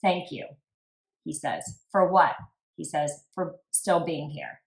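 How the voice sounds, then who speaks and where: A woman with a deep, gravelly voice speaks slowly while hosting a true crime podcast. She chats casually and reads text messages out flatly, sprinkling in lots of "like" asides, and the sound has a roomy echo.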